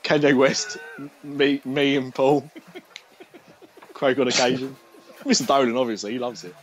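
A British man hosts a loose podcast chat, rambling from joke to joke with plenty of swearing and laughter. His voice sits at an ordinary middle pitch. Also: fairly even intonation, unhurried, muffled recording, a little hiss or hum. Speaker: podcast host.

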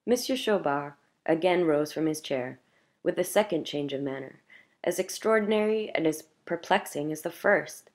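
A woman reading a classic short story aloud in a measured, clear narration. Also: low voice, darkish tone. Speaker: audiobook reader.

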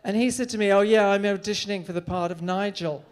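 A man's voice: sits high, fast talker, clean tone. A middle-aged man telling a comic story on stage in a witty, theatrical, camp manner.

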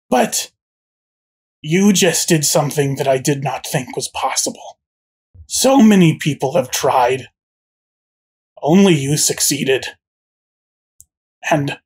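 A game master voicing a weary, conflicted woman captor who confesses in a halting, pleading way. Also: mid-range voice, husky. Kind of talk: tabletop game character voice.

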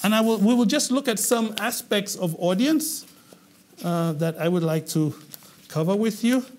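A man from England teaches a public speaking class in a high voice. He is animated and keeps checking that the class follows along with quick questions. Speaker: English public speaking trainer.

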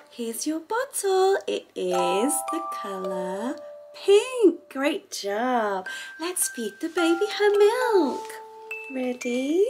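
A woman teaching toddlers in an exaggerated, slow sing-song manner with frequent gasps. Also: high-pitched, very animated. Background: music.

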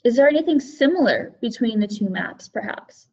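A woman with a high voice leads a live online lesson for teachers, picking up names and guesses from the chat and answering each in turn. Her audio comes through dull and lo-fi, like a typical webinar feed. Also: lively intonation, normal speed, darkish tone, breathy edge. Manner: friendly, reads out chat guesses and thanks participants. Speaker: webinar presenter for educators.

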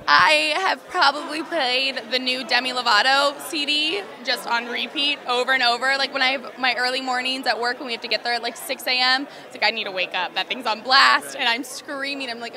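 A woman's voice: high-pitched, sharp tone. A young adult woman, an actress, chatting in a bubbly, giggly way with lots of fillers at an outdoor red carpet event. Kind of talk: casual red carpet chat. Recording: busy crowd noise outdoors.

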